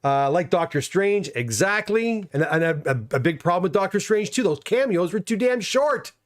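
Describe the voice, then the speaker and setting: A middle-aged man hosts a relaxed movie review chat. His voice sits a touch high, and he rambles, repeats himself and stops to search for words. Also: moderate pace. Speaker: host.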